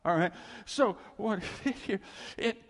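A man's voice: high-pitched, slow, big-room sound. A man preaching a conversational sermon in a church. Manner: animated and conversational, laughs between points.

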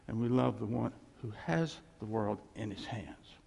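Gravelly husky guy preaching, earnest, repeats himself, loud then soft, church echo. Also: mid-range voice, expressive, moderate pace. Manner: earnest, repeats key phrases, swings from loud to quiet. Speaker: pastor. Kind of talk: sermon. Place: church sanctuary. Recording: church hall reverb.

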